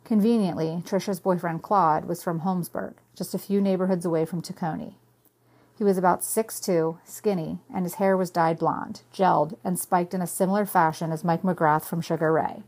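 A woman reads her own novel aloud as narrator, in a steady and plain storytelling manner. Her voice sits somewhat low for a woman. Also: normal speed. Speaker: reader, narrator.

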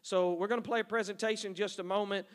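Man, missionary, folksy storyteller, high smooth voice. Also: steady tone, fast talker. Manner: folksy, storytelling, addresses audience as y'all. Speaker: missionary speaking at a church. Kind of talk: folksy church talk with stories.

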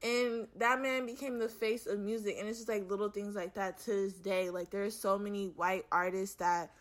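A woman's voice: medium pitch, normal speed. A young woman, talking frankly to camera in a casual rant, exasperated, swearing freely and filling her speech with "like". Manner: frank and profane, heavy use of "like"; animated, exasperated. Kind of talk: casual ranting monologue to camera.

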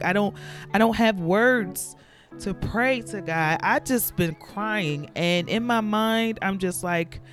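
A woman hosting a faith podcast, talking candidly and reflectively about her own struggles in a confessional monologue. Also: medium pitch. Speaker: podcast host.

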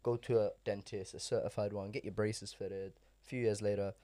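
A young man co-hosting a casual podcast, animated and slangy. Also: lowish voice, a little fast. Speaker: podcast co-host.

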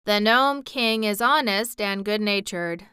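A calm mechanical man speaks slowly and earnestly, with a bright, crisp tone. He comes from a storybook, voiced by a woman reader. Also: medium pitch, dry recording, clean studio sound. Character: clockwork copper man, calm and trusting.

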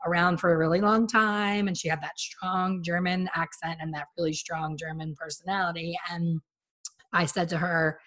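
Middle-aged woman, former stylist, animated podcast storyteller with a low-pitched voice. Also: moderate pace. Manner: chatty, animated storyteller who acts out quotes. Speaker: guest, former hairstylist. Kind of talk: casual podcast chat.

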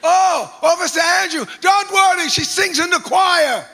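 A man voicing a jovial, effusive police officer with a Jamaican accent who calls out loudly. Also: unhurried, slight background noise, full character voice. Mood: exuberant. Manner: loud, booming greetings.

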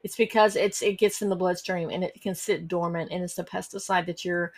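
A woman's voice: on the low side, steady tone, a little fast. A middle-aged woman, hosting a personal storytelling podcast and talking earnestly, with frequent fillers and restarts. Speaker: podcast host.

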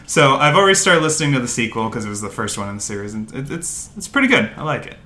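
Mid-range, sing-song and sharp, this young American man talks quickly as a podcast co-host. His casual conversation rambles, full of fillers and restarts.

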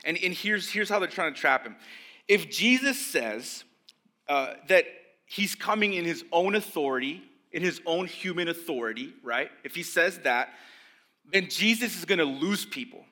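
A young man preaches a sermon in a very bright, forceful voice that sits a little high for a man. He talks in a loose, conversational way, full of asides to the congregation. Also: normal speed. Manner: conversational, animated, acts out voices of religious leaders. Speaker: pastor.

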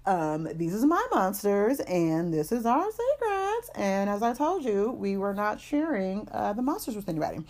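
A woman's voice: mid-range voice, sing-song, normal speed, few pauses, darkish tone, voice pushed up. A woman voicing a secretive, obsessive young boy who talks bluntly and profanely. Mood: insistent.

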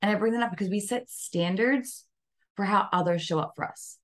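A woman's voice: mid-range voice, fairly quick. A woman guest on a podcast, talking casually about self-care and often asking "right?" as she goes. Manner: conversational, frequent "like" and "right?" fillers. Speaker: podcast guest, wellness coach.

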